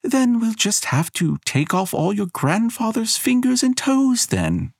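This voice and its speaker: A capricious fire goddess, cruel and theatrical, purring her threats with a slow, swooping, high voice, as a man puts her on. She drawls sly taunts in a dry, close recording. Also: big pitch swings, vocal fry, slightly rough, no echo, heavily acted. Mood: taunting.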